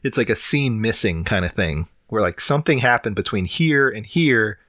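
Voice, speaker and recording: A man's voice: lowish voice, expressive, moderate pace, fairly bright tone, dry recording, clean studio sound. A man co-hosting a casual podcast, rambling and long-winded, swearing casually while running a fever. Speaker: podcast co-host. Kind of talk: casual chat.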